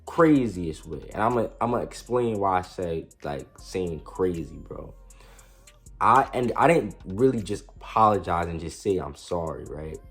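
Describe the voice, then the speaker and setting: A man's voice: low voice, expressive, a little slow, fairly bright tone, faint music behind. A young man casually telling a storytime about his past, slangy and self-mocking, with frequent restarts. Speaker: storyteller vlogger.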